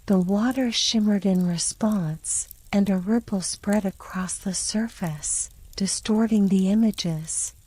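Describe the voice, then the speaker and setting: A woman narrating a bedtime story in a soft, soothing whisper. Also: mid-range voice, dry recording, poor audio. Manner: slow and soothing.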